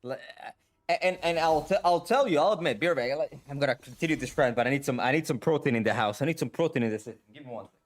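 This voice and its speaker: A man's voice: a little high, fast. A man streaming a game, talking in a blunt, profane casual rant full of fillers. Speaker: gaming streamer. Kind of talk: casual ranting stream talk.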